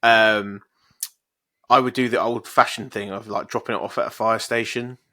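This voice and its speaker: A man's voice: lowish voice, steady tone, moderate pace, bright, forceful tone, dry recording, clean studio sound. A young man co-hosting a podcast, swearing, teasing and laughing as he talks. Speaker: podcast co-host. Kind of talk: casual chat.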